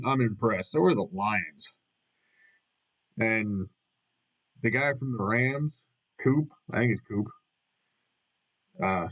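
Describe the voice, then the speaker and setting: In a low-quality recording, a middle-aged vlogger with a mid-range voice rambles through a casual monologue. He's jokey and self-mocking and swears frequently.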